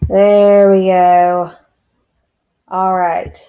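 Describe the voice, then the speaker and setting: A woman's voice: medium pitch, flat delivery, very slow, warm tone, rough recording. A woman teaching a recorded lesson to her students, explaining step by step in a chatty way as she types. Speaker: Spanish teacher. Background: keyboard typing and clicks.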